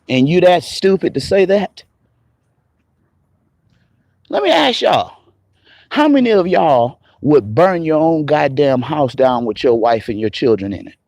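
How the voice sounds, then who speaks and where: A man's voice: a little high, a little mellow, no room sound. A man hosting a livestream, ranting combatively and mocking commenters with profanity. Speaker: livestream host. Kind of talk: heated livestream rant to chat.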